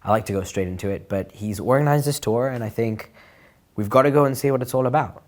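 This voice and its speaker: A man's voice: mid-range voice, quick pace. A man co-hosting a travel vlog, giving blunt, jokey to-camera commentary. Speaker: show co-host.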